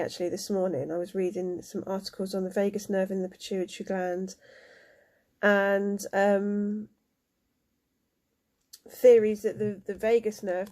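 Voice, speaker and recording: Soft-spoken emotional woman. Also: mid-range voice. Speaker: tarot card reader. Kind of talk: spiritual card reading to camera.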